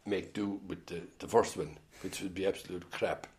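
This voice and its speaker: A man's voice: low voice, fairly even intonation, moderate pace, darkish tone. An older man with an Irish accent telling rambling stories in an oral history interview, full of hesitant restarts. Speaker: interviewee, former band musician.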